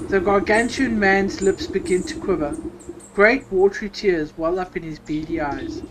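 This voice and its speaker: A woman's voice: mid-range voice, moderate pace, background noise. A woman streamer reading game text aloud in a playful way, with amused asides. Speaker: gameplay streamer. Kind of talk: reading game dialogue aloud while playing.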